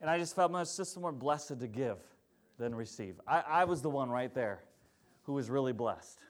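A man's voice: mid-range voice, expressive, moderate pace. A male pastor preaching a sermon in a conversational storytelling manner, asking the congregation questions along the way.

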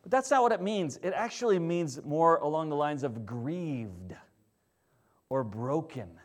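A man's voice: lively intonation, a little slow. Man preaching a conversational sermon. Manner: conversational, checks in with the congregation; swings between loud emphasis and low quiet stresses. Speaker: pastor.

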